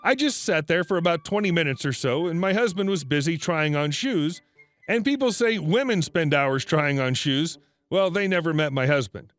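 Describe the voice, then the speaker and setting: A man's voice: a little high, animated, normal speed, a bit bright, no echo, faint music behind. A man reading a first-person story aloud as a scripted narration.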